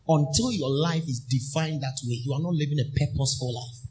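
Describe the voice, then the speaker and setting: Man preaching call-and-response. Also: on the high side. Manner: call-and-response, repeating phrases to the congregation; emphatic, drawn-out key phrases. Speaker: minister. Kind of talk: sermon.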